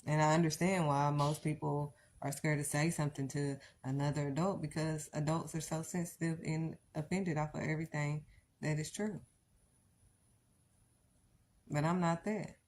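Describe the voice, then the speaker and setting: A woman's voice: low voice, steady tone, normal speed, darkish tone, a little hiss or hum. A middle-aged woman preaching bluntly on a live stream, pressing the listener with rhetorical questions. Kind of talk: impassioned live-stream sermon.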